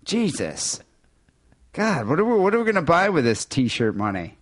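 A man with a nasal voice hosts a loose, irreverent podcast, his pitch bouncing up and down as he plugs the show and reads out listener mail. The sound is close and dry, with no room around it. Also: normal speed, dry recording. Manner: animated, reads listener emails aloud. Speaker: podcast host. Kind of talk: casual podcast banter.

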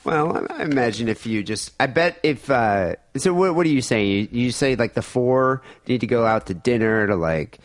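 A man's voice: moderate pace, hardly any pauses. A man co-hosting a podcast, telling stories in loose, rambling casual banter. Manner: rambling, animated storytelling with sudden jumps in pitch. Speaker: podcast co-host.

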